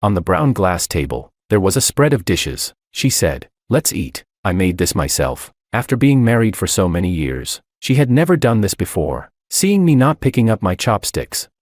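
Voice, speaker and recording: A young man calmly narrating a first-person romance story. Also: lowish voice, normal speed, few pauses, no echo, clean studio sound.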